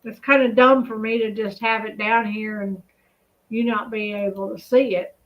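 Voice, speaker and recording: A woman's voice: mid-range voice, fairly even intonation, moderate pace, muffled recording. A woman hosting a home vlog, chatting casually and reading official text aloud, often drifting off to react to what she reads. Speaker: channel host. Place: home in a residential cul-de-sac.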